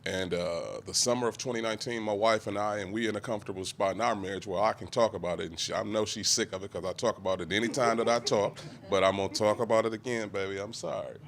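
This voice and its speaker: A man in his forties giving an emotional, halting speech at a press conference, close to tears and often clearing his throat. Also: on the low side, fairly even intonation. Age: 40s. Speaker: guest speaker, kidney patient.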